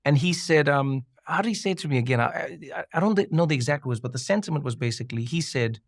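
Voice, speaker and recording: A man, appearing as an interview guest, tells a personal story in a lively way, laughing easily and often repeating or restarting his sentences as he gets excited. His voice sits fairly high, and the studio-quality recording has no echo.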